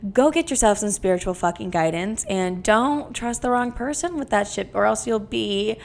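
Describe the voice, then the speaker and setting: A young adult woman hosting her own podcast, chatting casually in a brash, heavily profane and animated way. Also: medium pitch, normal speed, vocal fry. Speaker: podcast host. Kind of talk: casual solo podcast chat.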